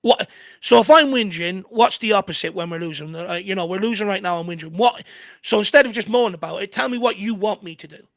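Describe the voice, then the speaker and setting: High gravelly ranting man. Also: quick pace, a bit bright, dry recording. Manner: exasperated ranting, heavy swearing. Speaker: co-host of a fan watchalong. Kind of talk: heated live match reaction.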